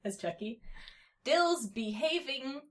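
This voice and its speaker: A woman's voice: lively intonation, slow, fairly bright tone. A woman hosting a comedy show, reading a story aloud with put-on voices and frequent laughter. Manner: reads baby characters in put-on high voices, laughs often. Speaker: podcast host reading fan fiction aloud.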